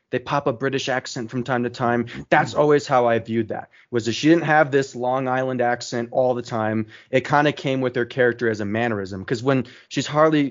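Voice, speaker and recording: A young man co-hosting a casual movie discussion. He talks eagerly and often trips over his words. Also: mid-range voice. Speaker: co-host. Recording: dull lo-fi sound.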